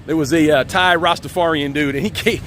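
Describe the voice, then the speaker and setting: A man hosting a casual walk-and-talk live stream outdoors, relaxed and chatty, reading the chat aloud and laughing often. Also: on the high side, fairly quick, slight background noise. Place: outdoors on city streets, walking.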